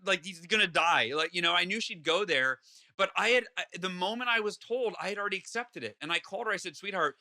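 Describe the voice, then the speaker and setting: Speaking fast in a high, bright, pushed voice, a man appears as a guest author in a conversational interview. He tells a story with earnest delivery, voicing his own inner thoughts aloud as he goes.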